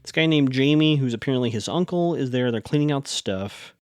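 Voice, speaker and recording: A man's voice: medium pitch, animated, brisk, darkish tone, no echo, clean studio sound. A man hosting a podcast, recapping a TV episode in a chatty, rambling way and often correcting himself. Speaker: podcast host.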